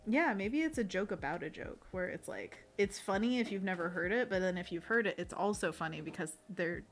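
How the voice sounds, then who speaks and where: A woman's voice: fairly low pitch, expressive, brisk. A young woman co-hosting an art livestream, chatting casually while she paints and laughing often. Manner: giggly and playful, laughs often.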